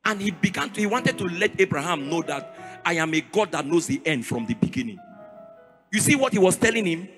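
A man with a Nigerian accent preaching a sermon in a sing-song cadence that rises to shouts. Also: sits high, big pitch swings, fairly quick. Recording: reverberant hall with faint music.

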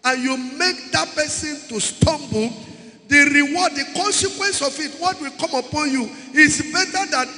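A man's voice: very high-pitched, animated, normal speed, few pauses, pushed and bright. A man preaching a sermon, emphatic and repeating key words as he calls out to the congregation. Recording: echoey hall with long reverb.

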